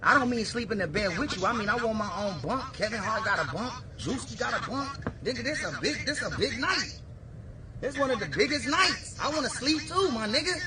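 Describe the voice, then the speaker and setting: High-voiced man in his forties. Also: lively intonation, brisk. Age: 40s. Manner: playful, pleading, laughing. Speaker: stream guest. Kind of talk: casual stream banter. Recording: crowd noise behind.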